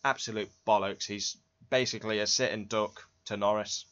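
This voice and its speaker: A man running through race results in a blunt, sweary and excitable reaction. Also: on the low side, normal speed, smooth. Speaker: Formula One fan channel host. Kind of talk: casual race reaction rundown. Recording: dull lo-fi recording.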